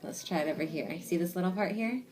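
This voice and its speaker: A woman's voice: on the low side, a little mellow. Patient woman teacher sounding words out. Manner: patient and encouraging, sounds out words slowly and asks guiding questions. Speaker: reading teacher. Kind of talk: one-on-one reading lesson with a child.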